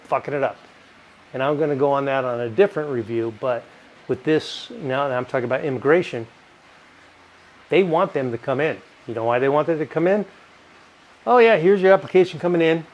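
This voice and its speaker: A man's voice: mid-range voice, brisk, poor audio. A middle-aged man reviewing bourbon in a casual, rambling way, swearing often and drifting into rants. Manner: profane, rambling, ranting. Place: home in California.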